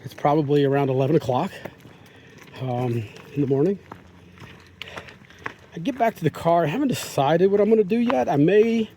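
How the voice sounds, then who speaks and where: Guy hiking and rambling into his phone, mellow kinda high voice, quiet outdoor hum behind. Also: animated, normal speed, long pauses. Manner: rambling, chatty, talks softly to deer. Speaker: hiker vlogger. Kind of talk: casual trail vlog. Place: outdoors on a forest trail. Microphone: phone held in hand.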